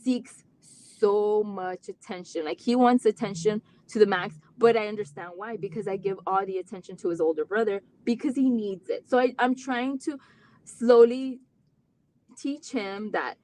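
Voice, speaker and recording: A mother appearing as a guest in a live interview candidly tells her family's story in an earnest, heartfelt way. Her voice is medium-pitched at a moderate pace, her sentences run long with many "like" fillers, and she grows animated when retelling conversations.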